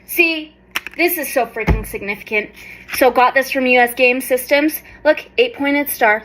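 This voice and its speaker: A woman in her thirties doing an excited unboxing vlog, gushing and exclaiming often. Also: high voice, a little slow, slight background noise, low-quality recording. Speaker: tarot reader and vlogger.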